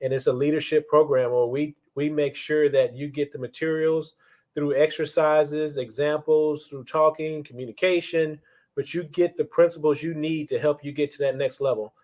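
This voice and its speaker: A chatty man in his fifties with a slightly higher-pitched voice, hosting a casual livestream about leadership. He talks loosely to his viewers and greets them by name. The sound comes from a phone or webcam, likely in a hotel room. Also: steady tone, normal speed, darkish tone.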